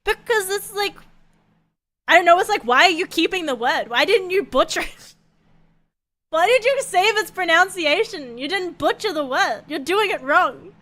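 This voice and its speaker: A woman's voice: very high voice, lively intonation, a little slow, bright, forceful tone. An Australian woman streaming a game, chatting casually, swearing freely and laughing often.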